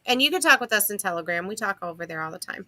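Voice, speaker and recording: A woman's voice: medium pitch, expressive, very fast, pushed and bright, dry recording. A tired woman co-hosting a livestream in casual, rambling chat. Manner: chatty, laid-back, self-interrupting. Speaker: co-host.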